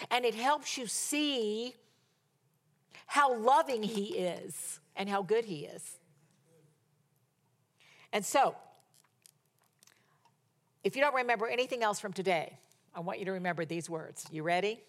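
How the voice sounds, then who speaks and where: A woman's voice: fairly high pitch, animated, a little slow, pauses often. A middle-aged woman preaching a sermon, telling personal stories and exhorting her listeners with emphatic repetition.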